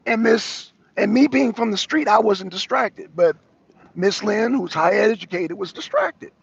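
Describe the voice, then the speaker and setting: A man with a high, husky voice and a gravelly edge talks in a loose, animated way, spinning a street-wise story for his co-hosts. He calls in on the move from outdoors, and the sound is dry and dull, like lo-fi phone audio. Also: measured pace, no room sound. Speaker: show co-host. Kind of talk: casual live-show chat. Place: walking outdoors, arriving somewhere.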